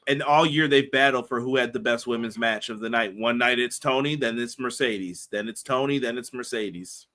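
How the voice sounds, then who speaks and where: Young male podcast co-host, bright and lively, chatty, acts out what people said. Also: mid-range voice, moderate pace. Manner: animated storyteller, acts out quoted dialogue. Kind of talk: casual chat.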